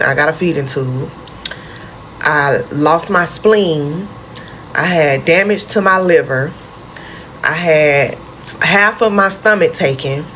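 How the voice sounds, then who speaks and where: Low-pitched woman telling her own wild story, gets loud n dramatic when quoting herself, faint hiss behind. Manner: animated, dramatic retelling with quoted outbursts. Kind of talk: personal storytime narration.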